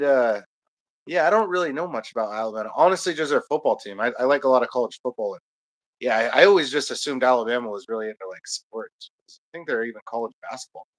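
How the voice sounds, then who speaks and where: A young man hosts a live stream and chats loosely, with plenty of fillers and easy laughter. His voice sits at a mid pitch, and he talks in a relaxed, meandering way. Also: quick pace. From Washington state, USA. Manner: rambling, many fillers, laughs a lot. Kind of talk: casual chat.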